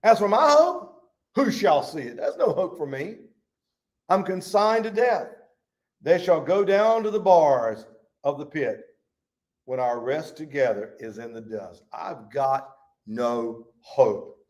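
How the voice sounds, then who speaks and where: A folksy man leads a Bible study and reads scripture aloud. His voice sits a bit high for a man, and he leans hard on key words. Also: expressive, takes it slowly, darkish tone.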